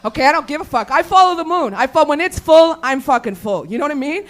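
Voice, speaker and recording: A woman's voice: high voice, expressive, fast. Foul-mouthed rambling female comic. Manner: crude, rambling, swears constantly, laughs at own jokes. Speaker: stand-up comedian. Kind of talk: raunchy stand-up set. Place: comedy show venue with live audience.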